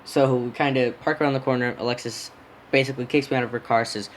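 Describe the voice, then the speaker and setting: Young male podcaster, casual storyteller, mid-pitched voice, rambling, faint background hiss. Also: fairly even intonation, fast talker, low-quality recording. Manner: rambling, self-interrupting, yawning and lip-smacking. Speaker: podcast host.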